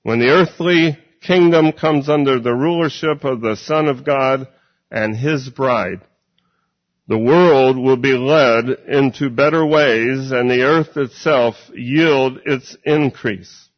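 A male preacher delivering a sermon at an unhurried, careful pace, weighing each phrase as he reads scripture and explains it. His voice sits at an ordinary middle pitch. The recording is dull and lo-fi, with the highs rolled off. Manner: measured and deliberate.

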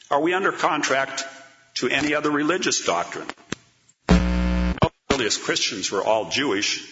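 A man's voice: mid-range voice, pushed and bright, long reverb tail, a little hiss or hum. A man preaching a sermon, earnest and rhetorical, reading scripture aloud. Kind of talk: sermon with dramatic storytelling. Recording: dull lo-fi recording.

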